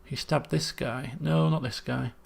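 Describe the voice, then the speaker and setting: A man's voice: mid-range voice, steady tone, measured pace, creaky, breathy edge. A man, thinking aloud as he streams a puzzle game, muttering guesses and restarting sentences. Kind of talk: casual gameplay commentary.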